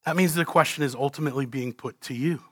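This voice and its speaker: A man preaching a sermon with fervor, moving between quiet, earnest points and loud, pleading cries, and ending in prayer. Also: medium pitch, quick pace, no room sound, studio quality. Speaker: pastor. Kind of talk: closing prayer.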